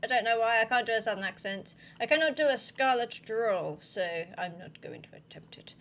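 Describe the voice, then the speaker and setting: A woman talks through a horror game in a let's-play, chatting, reacting aloud, and reading on-screen text. Her voice sits a little higher than average. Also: expressive, fairly quick, fairly bright tone, a little hiss or hum. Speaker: gaming video host.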